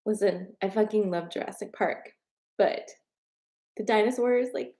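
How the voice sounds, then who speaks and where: A young woman chats on a live stream, open and emotional, with tears close to the surface. She swears freely and laughs between thoughts. Her voice sits at an ordinary middle pitch for a woman. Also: a little slow, warm tone. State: tearful. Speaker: tarot reader and coach hosting a live stream. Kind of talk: casual live-stream chat with viewers.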